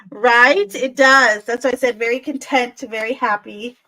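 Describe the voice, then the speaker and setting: A woman's voice: fairly high pitch, steady tone, measured pace, pushed and bright, rough recording. A woman doing live-stream tarot readings, chatty and soothing, calling viewers "my dear" and "lovey". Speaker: tarot reader.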